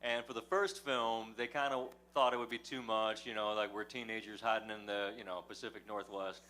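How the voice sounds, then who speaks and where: A man's voice: on the low side, little pitch movement, a little fast, pushed and bright. A man from West Texas with a Texan accent, a folksy, joking storyteller speaking on a live fan convention panel. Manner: folksy, jokey, drawling storyteller.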